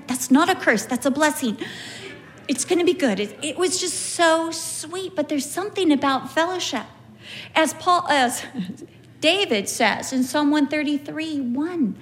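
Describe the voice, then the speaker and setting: A middle-aged woman with a high, light voice gives a Bible talk. She keeps it chatty and tells stories with energy, slipping into the voices of the people she describes. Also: moderate pace. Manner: animated storytelling, acts out quoted people. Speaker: Bible teacher. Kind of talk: conversational Bible teaching with anecdotes.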